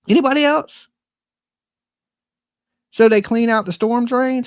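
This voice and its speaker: A woman's voice: a little high, very animated, normal speed, no room sound. A woman ranting in casual chat, profane and exasperated, rambling with frequent restarts. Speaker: livestream host. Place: home.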